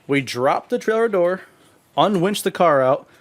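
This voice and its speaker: A man's voice: high-pitched, animated, measured pace, a little hiss or hum. A man co-hosting a casual podcast, telling a profane story and acting out what others said. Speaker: podcast co-host.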